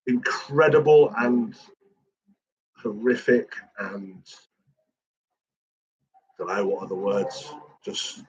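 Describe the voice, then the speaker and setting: A middle-aged man, chatting casually, swearing constantly and talking in a raw, halting way. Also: fairly low pitch, husky, lo-fi sound. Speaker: channel host. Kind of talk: casual chat.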